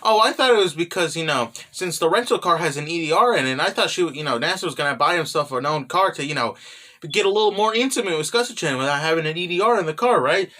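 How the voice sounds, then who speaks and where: Young man doing a sharp, teasing young wife, slightly higher, bright, comic manga retelling. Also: lively intonation. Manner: quick and teasing.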